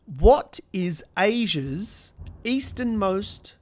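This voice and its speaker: A woman hosting a quiz podcast, reading out questions and explaining the answers in a measured way. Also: medium pitch, expressive, darkish tone. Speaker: quiz host.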